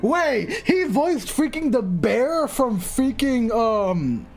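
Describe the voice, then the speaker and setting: A man's voice: very high voice, sing-song, slow, soft background music. A young man streaming a game, chatting casually, rambling and laughing at himself. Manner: laughs often, rambling and self-mocking. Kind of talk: casual live-stream chat.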